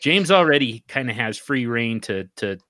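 A man's voice: mid-range voice, lively intonation, normal speed, sharp tone, no room sound. Man, podcast host, teasing, casual chat, dry sound. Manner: joking, teasing, chatty with fillers.

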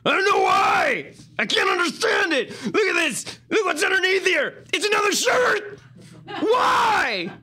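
Brief: comic impression, high-pitched shouting ranter, yelling questions, off mic. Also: male voice, big pitch swings, unhurried, exaggerated voice. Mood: frantic rant. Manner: shrieking, yelling rhetorical questions. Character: frantic shouting male conspiracy radio ranter.

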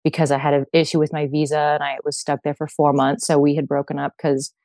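A woman's voice: sits low, flat delivery, fast talker, darkish tone, no room sound. A young woman with a Canadian accent, chatting as a podcast guest and filling her speech with "like". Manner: chatty, heavy use of "like". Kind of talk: casual chat.

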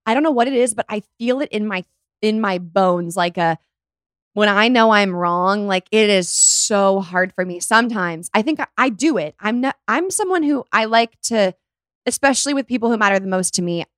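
A woman's voice: medium pitch, expressive, moderate pace, fairly bright tone, no echo, clean studio sound. A young woman co-hosting a casual chat, talking freely with many "like" fillers. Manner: chatty, lots of "like" fillers. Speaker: podcast co-host.

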